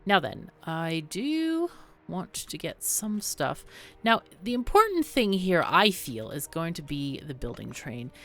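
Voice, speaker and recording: A slightly hoarse woman, losing her voice a little, hosting a game tutorial in chatty, casual commentary and thinking out loud as she plays. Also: on the low side, big pitch swings, measured pace. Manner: chatty and thinking aloud, with fillers. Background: faint background music.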